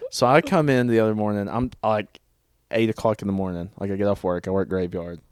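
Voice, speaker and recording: A man's voice: fairly low pitch, fairly quick, a little hiss or hum. A young man co-hosting a casual podcast, telling a story in a laid-back, wry way. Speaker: podcast co-host. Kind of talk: casual chat.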